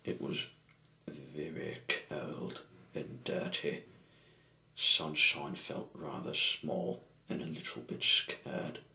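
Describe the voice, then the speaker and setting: A man reads a children's story aloud with a low, bright voice. He goes slowly, stumbling and rephrasing as he reads. An echoey room rings around him. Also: little pitch movement, vocal fry. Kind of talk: amateur storybook reading.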